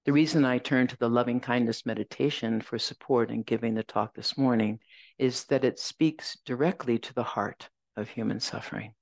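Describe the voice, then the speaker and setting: A woman Zen teacher giving a dharma talk, reflective and gentle, telling a personal story and reciting verses slowly. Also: a bass voice, no room sound.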